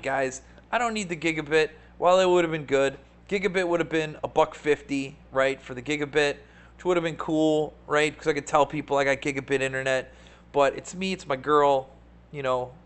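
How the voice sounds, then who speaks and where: A man hosting a live market webcast, talking casually with animated, sarcastic rants and a habit of asking "right?". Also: a little high, clear, resonant tone. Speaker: stock market show host.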